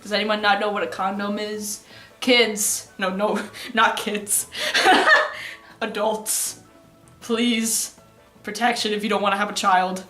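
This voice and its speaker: A woman's voice: medium pitch, level tone, slow, pushed and bright, echoey room, faint music behind. A young woman casually recapping an anime plot, rambling and giggly, with lots of fillers. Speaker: anime vlogger.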